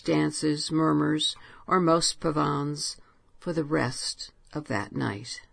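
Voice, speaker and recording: A woman narrating a ghost story in a measured, hushed manner. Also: sits low, creaky.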